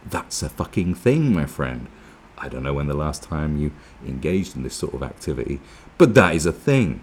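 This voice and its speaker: A man's voice: very deep voice, sing-song, a little fast, gravelly, a little mellow, breathy edge. A man giving a casual, sweary, sarcastic commentary, reacting to an article with mocking asides. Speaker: political commentary vlogger.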